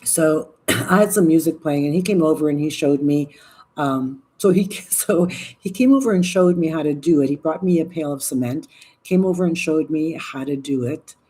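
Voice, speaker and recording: A woman's voice: deep voice, moderate pace, mellow. A woman in her sixties hosting a live stream, chatting casually and rambling, with some swearing and asides to viewer comments. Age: 60s. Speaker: livestream host.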